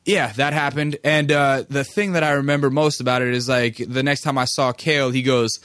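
A man's voice: medium pitch, steady tone, fairly quick, few pauses, a bit bright, no echo, clean studio sound. A man hosting a podcast, telling a story in a loose, profane way with lots of fillers. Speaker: podcast host. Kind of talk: casual storytelling monologue.

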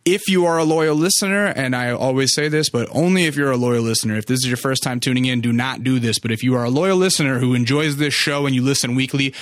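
A man's voice: mid-range voice, fast, few pauses, dry recording, studio quality. A young man hosting his own podcast, telling a story in a rambling, casual way with lots of swearing and "like". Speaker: podcast host.

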